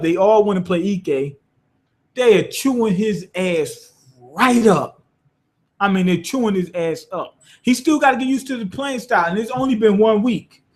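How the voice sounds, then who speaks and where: High-voiced man casually reviewing an episode. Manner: loose and profane, demonstrating with gestures. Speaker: anime reviewer.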